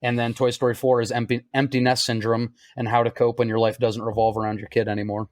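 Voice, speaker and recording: Laughing, lively podcast man. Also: mid-range voice, fast talker, no room sound, clean studio sound. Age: 30s. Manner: laughs often, animated retelling of scenes. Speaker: podcast co-host. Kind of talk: casual chat.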